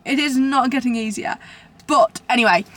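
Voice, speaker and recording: Speaking at a normal pace, the vlogger has a slightly high, somewhat bright voice. She's young and British, chatting casually to camera while rambling and making fun of herself.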